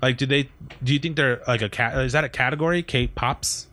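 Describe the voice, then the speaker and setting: A man's voice: mid-range voice, fairly even intonation, fairly quick, bright, forceful tone. A man co-hosting a gaming podcast in a laid-back, joking casual chat. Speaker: podcast co-host.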